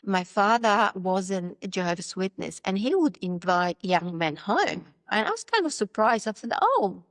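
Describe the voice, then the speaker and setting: A woman's voice: medium pitch, animated, normal speed, dry recording. A woman from Poland telling her life story as an interview guest, candid and wry, acting out the voices she quotes and laughing often. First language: Polish.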